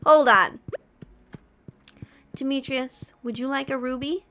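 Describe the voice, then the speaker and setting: A woman's voice: sits high, expressive, unhurried, long pauses, fairly bright tone, a little hiss or hum. A woman streaming a farming game from home, chatting playfully with her viewers and the game's characters. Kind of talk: casual gameplay chat with viewers.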